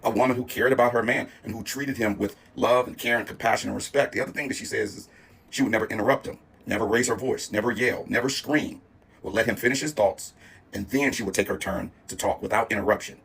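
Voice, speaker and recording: A man giving earnest, measured social media commentary. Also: on the low side, vocal fry, fairly bright tone, slightly rough.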